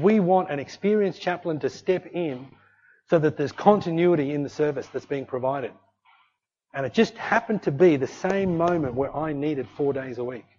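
Animated preacher, dull lo-fi sound. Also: male voice, fairly high pitch. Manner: conversational, animated, acts out voices in anecdotes. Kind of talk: sermon. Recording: dull lo-fi recording.

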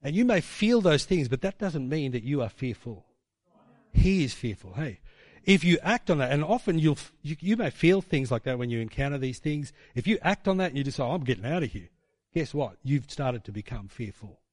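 A man's voice: a little high, very animated, normal speed, no echo, clean studio sound. A middle-aged man preaching, telling a personal testimony in a rambling, conversational way with frequent tag questions. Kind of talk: sermon testimony storytelling.

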